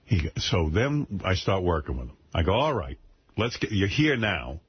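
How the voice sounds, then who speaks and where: A man hosting a radio talk show, telling an annoyed, profane story and acting out his own yelling, near the end of a cold. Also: low voice, normal speed, husky. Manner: animated ranting, profane, mimics himself yelling. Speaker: radio host. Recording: dull broadcast audio with faint noise.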